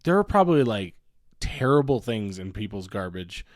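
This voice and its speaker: A man's voice: on the low side, big pitch swings, normal speed, dry recording, studio quality. Rambling young man on a podcast. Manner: rambling, laughs often, crude jokes. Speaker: podcast co-host. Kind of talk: casual crude banter.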